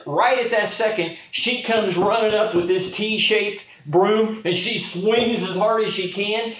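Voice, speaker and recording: A pastor in a roomy hall tells a lively anecdote and then preaches, his voice a touch higher than most men's. He speeds up through the action and leans on words for effect. The sound is echoey and a little dull. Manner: animated storyteller, speeds up in action. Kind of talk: sermon with storytelling.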